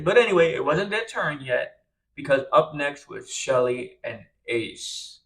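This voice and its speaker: A man's voice: mid-range voice, moderate pace. Chatty tired young man recapping. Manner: chatty, animated, acts out quotes. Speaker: reality show recap host. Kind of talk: casual recap commentary.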